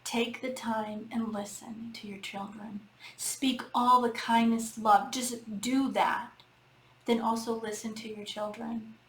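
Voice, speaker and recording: A woman's voice: a little high, level tone, slow, a bit bright. Middle-aged lady coach talking earnestly to listeners, keeps repeating herself, roomy echo. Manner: earnest, repetitive, addresses listeners directly. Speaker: healing coach and podcast host. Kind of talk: casual spoken advice talk. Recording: echoey room with faint background noise.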